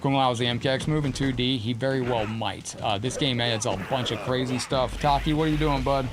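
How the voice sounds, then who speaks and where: A man's voice: mid-range voice, fairly even intonation, fairly quick, background noise. A man streaming a fighting game, chatting casually with viewers and talking sweetly to his cat. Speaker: gaming streamer. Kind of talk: casual live-stream chat.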